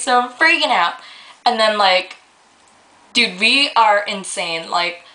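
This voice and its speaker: A young woman vlogger ranting casually to her camera, rambling with lots of fillers and getting excitable as she tells a story. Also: mid-range voice, slow pace, rough recording.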